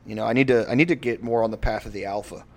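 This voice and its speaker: A man's voice: on the low side, steady tone, racing, gravelly. A young man co-hosting a podcast, chatting loosely and profanely, joking through an ad read. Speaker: podcast co-host. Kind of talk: casual podcast chat with ad read.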